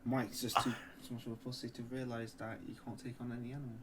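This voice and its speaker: A man's voice: medium pitch, little pitch movement, quick pace, fairly bright tone. A man co-hosting a casual podcast, boisterous, swearing and laughing often. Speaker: podcast co-host.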